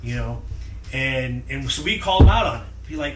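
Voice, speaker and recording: Animated storytelling man, roomy distant mic. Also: medium pitch, a little fast, heavy background noise. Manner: animated, acts out quotes in shouted voices. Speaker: podcast guest. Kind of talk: casual storytelling.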